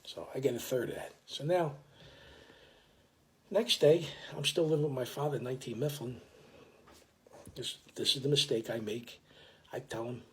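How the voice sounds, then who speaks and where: A man's voice: mid-range voice, moderate pace, long pauses, darkish tone. An older man telling a story in a casual, rambling way, full of restarts and blunt street talk. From South Philadelphia.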